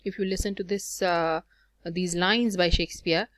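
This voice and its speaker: A woman with a fairly low voice teaches a lesson, walking through examples patiently and counting them out. She fills pauses with "uh" as she explains. The sound is dry and close, with no room echo. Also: fairly even intonation. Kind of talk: recorded lecture on poetry.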